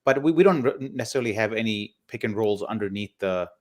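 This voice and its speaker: Halting man breaking down basketball. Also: on the low side, expressive. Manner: halting, repeats words while thinking. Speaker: basketball podcast host. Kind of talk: casual live-stream analysis.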